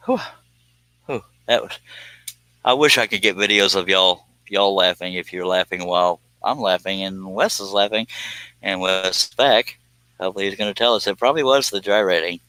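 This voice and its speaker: A man's voice: sits low, normal speed, sharp tone, clear, resonant tone, no echo, poor audio. A middle-aged man hosting a casual live stream, giggling and reading out viewer comments. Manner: giggly, breaks into helpless laughter, reads out viewer comments.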